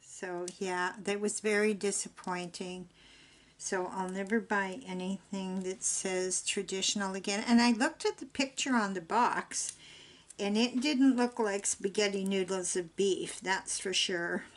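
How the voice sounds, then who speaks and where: Slow-talking older woman chatting while crafting. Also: mid-range voice. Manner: rambling, homey, talks while working. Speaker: craft vlogger.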